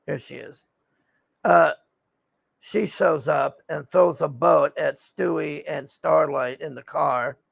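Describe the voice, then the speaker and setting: A man's voice: a little high, slow pace, creaky, slightly rough, dry recording. A man recapping a TV show in a casual, rambling rant, frustrated and swearing often. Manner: frustrated, profane ranting; rambling with frequent fillers. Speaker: TV show reviewer.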